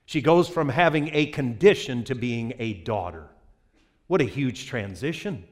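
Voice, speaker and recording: A man pastor giving an impassioned, animated sermon with vivid storytelling. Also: mid-range voice, unhurried.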